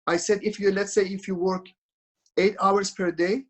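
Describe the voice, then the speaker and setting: Guy with a husky voice walking realtors through a plan on a zoom call, earnest, keeps repeating himself. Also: sits high, little pitch movement, normal speed, a bit bright, low-quality recording. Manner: earnest, repetitive instructing with frequent restarts. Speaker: webinar speaker for realtors. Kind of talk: presentation over a video call. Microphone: video call.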